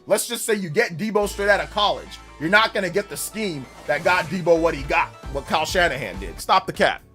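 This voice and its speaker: A man's voice: fairly high pitch, lively intonation, fairly quick, bright, forceful tone, soft background music. A male streamer talking casually on a live stream, arguing emphatically with his chat. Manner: emphatic, argumentative, talks back to chat.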